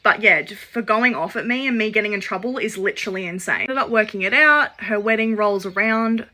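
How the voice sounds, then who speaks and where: Woman, bright forceful voice, casual storytime, chatty, acts out quoted dialogue. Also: mid-range voice, brisk. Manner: frequent "like" fillers.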